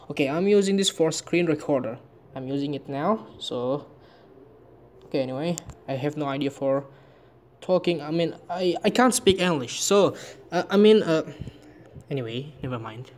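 A man vlogging casually about phone apps, speaking halting English with frequent restarts and searches for words. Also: fairly high pitch, darkish tone, a little hiss or hum. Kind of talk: casual phone-app vlog.

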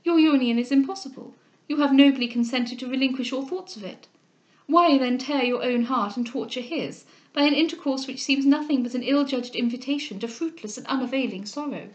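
A woman reading the part of an older gentlewoman and mother, earnest and insistent, in a formal manner. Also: high-pitched, fairly quick, dull audio, natural voice.

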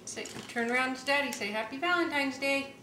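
A mother in a home video, slowly and encouragingly coaching her toddler. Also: sits high, pushed and bright. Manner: slow, encouraging, sing-song prompting. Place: family home, indoors. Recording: roomy home room, mic far off, background noise.

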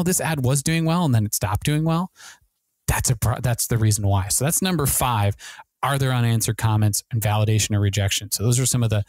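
Man, rapid podcast talk, frequent restarts, mid-pitched, dry close mic. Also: no room sound. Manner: rapid, animated, many restarts and fillers. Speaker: podcast host and ad consultant. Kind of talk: fast podcast talk on marketing.

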